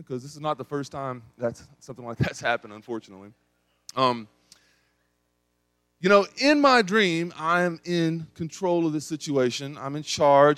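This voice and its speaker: A young adult man from East Tennessee with an East Tennessee accent, preaching a sermon and telling a story with big swings in pitch and volume. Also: moderate pace, fairly bright tone, dry recording. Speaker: pastor.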